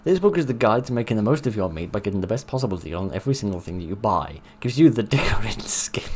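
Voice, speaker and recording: Wry gaming commentator. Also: male voice, on the low side. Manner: wry, self-mocking, chuckling. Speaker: let's play host.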